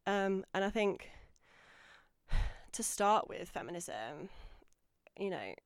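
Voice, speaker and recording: A woman in casual podcast chat tells a story with plenty of energy, voicing the people in it as she goes. Her voice sits in a middle pitch and sounds dry and close to the mic, with almost no room around it. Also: takes it slowly, clear, resonant tone, no echo. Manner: animated storyteller, acts out quotes, gets louder when excited. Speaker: podcast guest.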